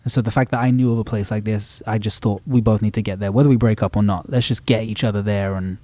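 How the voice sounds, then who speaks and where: Dark-voiced musician talking reflectively. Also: male voice, lowish voice, fairly even intonation, fast, no echo. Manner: reflective, rambling with many restarts. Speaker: musician guest. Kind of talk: casual interview talk.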